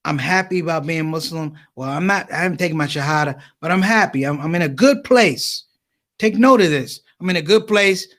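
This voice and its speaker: A middle-aged man telling a comic story to an audience, with punchy, animated delivery and repeated words for effect. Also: on the high side, a little fast. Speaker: speaker.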